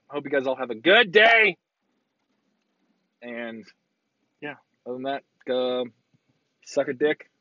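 A man's voice: medium pitch, no room sound. Crude man ranting in traffic. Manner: crude, yelling insults at other drivers, sarcastic. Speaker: vlogger ranting while driving. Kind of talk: profane road-rage rant. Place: inside a car in traffic. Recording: dull lo-fi sound.

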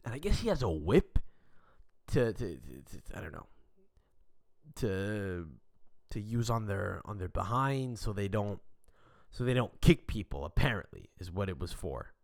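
Rambling, profane young podcast host. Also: male voice, lowish voice, measured pace, gravelly, long pauses. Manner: rambling, profane, animated storyteller. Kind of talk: casual storytelling rant.

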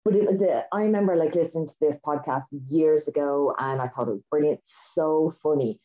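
A woman's voice: deep voice, fairly quick, mellow. A woman co-hosting a podcast, telling a story in an enthusiastic, rambling way with lots of fillers. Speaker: podcast co-host. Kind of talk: casual chat. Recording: dull lo-fi sound.

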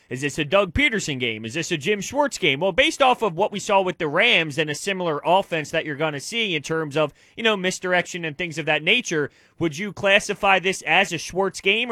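A man co-hosting a sports radio show, asking measured, analytical questions. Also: a little high, bright, forceful tone, no echo, clean studio sound. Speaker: radio co-host.

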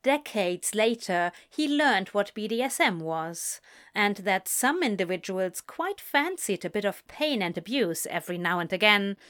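A woman reading a story aloud as narrator, expressive and unhurried. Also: mid-range voice. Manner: slow, expressive storytelling with lively inflection. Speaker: reader.

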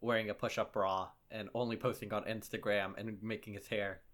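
A man's voice: fairly low pitch, flat delivery, fairly bright tone. A young man co-hosting a podcast, chatting casually and joking at his own expense with many fillers. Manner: joking, self-deprecating, halting with fillers. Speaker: podcast co-host.

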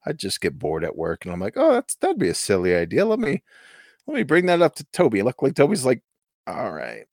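A man in his thirties chats loosely on a podcast, drifting into playful, goofy asides. His pitch rises and falls widely. He sounds dry and close to the mic. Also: wildly swooping pitch, fast talker, darkish tone, no room sound. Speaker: podcast co-host. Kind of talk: casual chat.

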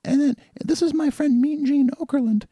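A goofy, exaggerated wrestler impression, as a man puts it on, pitched way up in a squeaky sing-song. It is mocking and over the top. The voice sounds a little distant from the mic. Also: normal speed, dark tone, no echo. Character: goofy high-voiced impression of a famous adult male wrestler.

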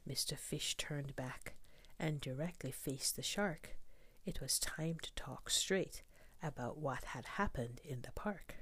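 A woman reading a children's picture book aloud, soft and often whispered, asking the listener questions. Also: a bass voice, slow pace, husky, no echo. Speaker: storybook reader.

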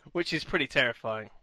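A man's voice: medium pitch, very noisy. A man co-hosting a comedy podcast in casual chat, teasing and playfully interrupting. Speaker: podcast co-host.

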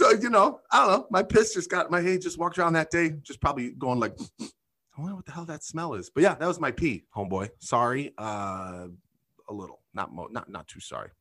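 A man's voice: medium pitch, a bit bright. A man hosting a comedic podcast, talking loosely and profanely, laughing often as he reads listener messages and tells stories. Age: adult. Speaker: podcast host. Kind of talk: casual comedic chat.

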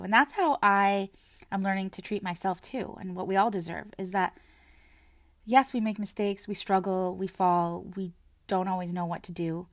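A woman's voice: lowish voice, fairly even intonation, moderate pace, dry recording, studio quality. A woman and mother talking earnestly about her own experience in a reflective personal talk, often repeating words and restarting her sentences. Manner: earnest and soft-spoken, with frequent word repetitions and restarts.

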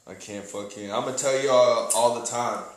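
A man hosting a casual chat among friends, laid-back and swearing a lot, often dropping to a low mumble. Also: fairly even intonation, moderate pace. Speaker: podcast host. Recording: echoey room with faint noise.

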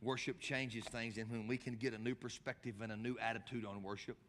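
A man preaching a sermon as pastor, impassioned and rising to high, emphatic bursts. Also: flat delivery, brisk, a bit bright, slight background noise. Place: large church hall. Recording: long church hall reverb.

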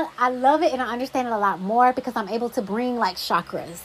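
A woman's voice: on the high side, lively intonation, brisk, a bit bright, slight background noise, rough recording. A young adult woman hosting a solo podcast, talking casually with emphatic, exasperated asides. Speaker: podcast host.

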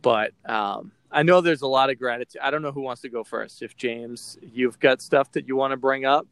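A man's voice: mid-range voice, moderate pace, fairly bright tone, smooth, dry recording. A man from Boston hosting a podcast, talking candidly and rambling with lots of fillers. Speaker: podcast host. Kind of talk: casual podcast chat.

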